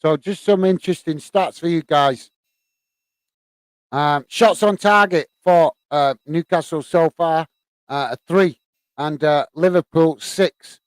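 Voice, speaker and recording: A man's voice: a little high, slow, no echo. A man from the UK hosting a live football watch-along, chatting casually with viewers and laughing often. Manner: chatty, laughs often, lots of "uh" fillers, calls viewers "mate". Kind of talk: casual live-stream chat, reading comments aloud.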